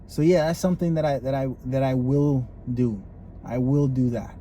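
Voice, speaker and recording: A man co-hosting a podcast, swearing freely in animated rants. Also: medium pitch, moderate pace, slight background noise. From Puerto Rico. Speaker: podcast co-host. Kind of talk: casual chat.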